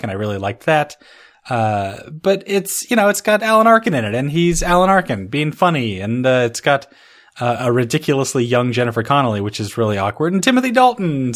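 A man's voice: mid-range voice, sing-song, a little fast. A man co-hosting a podcast, chatting casually about a movie with wry quips. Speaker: podcast co-host.

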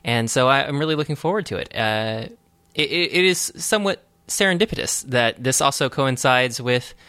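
A man hosting a podcast, chatting casually in a halting, sardonic way with many restarts. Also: medium pitch, lively intonation, bright, forceful tone, clear, resonant tone, no echo. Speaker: podcast host. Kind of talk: casual chat.

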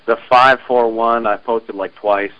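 A laid-back man from Oregon leaves a rambling voicemail. His voice comes through dull and lo-fi, with a middle pitch. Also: fairly even intonation, unhurried. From Oregon, USA. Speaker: caller. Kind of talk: casual voicemail.

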